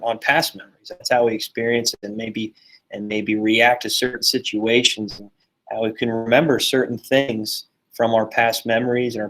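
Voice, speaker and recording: A man teaching a psychology lesson in a casual, chatty way, full of fillers and joking asides. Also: mid-range voice. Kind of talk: casual classroom lecture.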